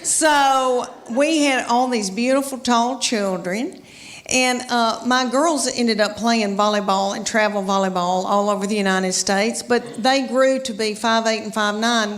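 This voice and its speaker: A middle-aged woman, telling chatty, folksy stories in a stand-up comedy routine. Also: a little high. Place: comedy stage before a live audience.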